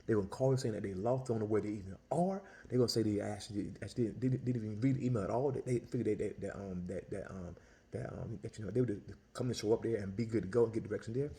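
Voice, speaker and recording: An Italian ice seller tells a story in a fast, gravelly, lowish male voice. It comes out as a casual, animated and exasperated rant, full of restarts and repeated words.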